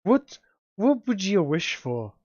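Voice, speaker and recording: A game master voicing a sly male tavern owner who makes deals, with a put-on Scottish accent and a smooth manner that calls people darling. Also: mid-range voice, sing-song, slow, a little mellow, no echo, voice pushed up. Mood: wheedling. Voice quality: lilting put-on brogue. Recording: dry, slightly muffled recording.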